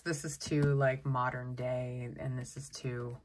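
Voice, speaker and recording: A woman giving a casual tarot deck walkthrough, chatty and excitable, often exclaiming over the cards. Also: very deep voice, unhurried, a little hiss or hum. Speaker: tarot content creator.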